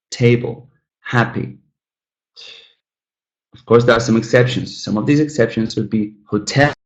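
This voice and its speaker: A man teaching an English pronunciation lesson, speaking deliberately with frequent fillers and calling his listeners guys. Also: medium pitch. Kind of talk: classroom lesson on word stress.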